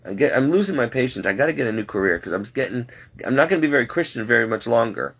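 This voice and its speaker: A man's voice: mid-range voice, lively intonation, rapid-fire, a bit bright, husky. A man, a home caregiver, rambling and exasperated as he vents in a late-night vlog. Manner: talking to himself, restless and frustrated.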